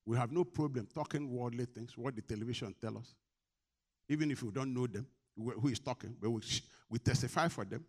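A man preaching a sermon, asking the congregation questions and answering them, swinging between loud and quiet. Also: mid-range voice, brisk, breathy edge.

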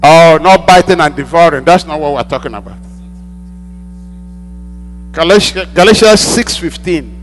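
A man's voice: on the high side, lively intonation, moderate pace, pauses often. A male pastor preaching a sermon, repeating lines for emphasis and prompting the congregation to answer back. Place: church hall. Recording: long hall reverb with mains hum.

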